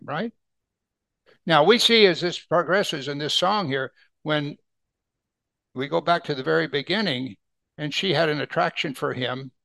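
Gravelly preacher teaching from scripture. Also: male voice, fairly high pitch, a bit bright, no echo. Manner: explains Bible verses with rhetorical questions; slows down to read scripture aloud. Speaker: pastor. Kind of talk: sermon.

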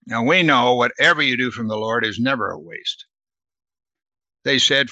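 A man's voice: medium pitch, moderate pace, pauses often, pushed and bright, no room sound. A man leading a Bible study in a conversational teaching manner, earnest and often asking his listeners "right?". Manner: earnest, asks the listeners questions, adds "right?".

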